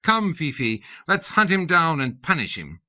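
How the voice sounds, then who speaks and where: A man's voice: a little high, very animated, unhurried, pushed and bright, pitched above the performer's own voice, exaggerated voice. A man putting on a teasing young French girl. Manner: teasing, playful. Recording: dull lo-fi audiobook recording.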